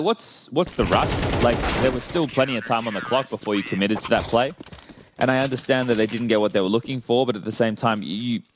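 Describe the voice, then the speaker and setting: A man's voice: fairly low pitch, background noise. A man giving analytical color commentary on an esports match. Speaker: esports caster.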